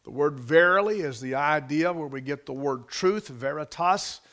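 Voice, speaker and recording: A man's voice: fairly high pitch, normal speed, fairly bright tone. A man preaching a sermon as pastor, building emphasis through repetition and sometimes dropping into folksy grammar.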